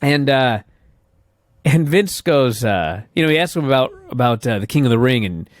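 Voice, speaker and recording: A man co-hosting a casual wrestling recap chat, an animated storyteller who swears often and acts out quotes. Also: mid-range voice, normal speed, dry recording, studio quality. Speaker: podcast co-host.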